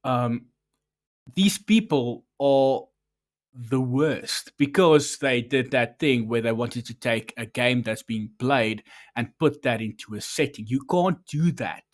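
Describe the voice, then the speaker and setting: A man's voice: medium pitch, slow. Sarcastic rambling man reviewing a show. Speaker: podcast host. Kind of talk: casual review chat.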